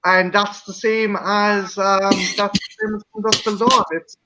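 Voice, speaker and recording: A man chatting casually as a co-host, excitable and swearing freely, tripping over restarts. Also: high-pitched, a little slow, creaky, background noise. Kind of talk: casual chat.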